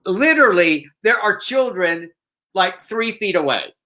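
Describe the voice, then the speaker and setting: A man co-hosting a casual news chat show, telling stories in an animated way and laughing as he goes. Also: high-pitched, measured pace. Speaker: co-host.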